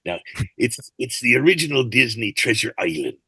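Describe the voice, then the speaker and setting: An older man, an actor and fight choreographer, telling rambling, animated anecdotes as a guest over a video call. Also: medium pitch, normal speed, breathy edge, no room sound. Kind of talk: casual interview storytelling.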